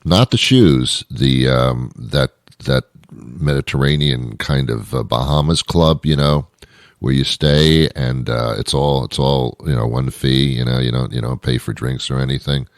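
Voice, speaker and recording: A man's voice: very deep voice, measured pace, dry recording, clean studio sound. A man hosting his own show, delivering a rambling comic monologue full of wry asides and self-interruptions. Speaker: show host. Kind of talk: comedic monologue.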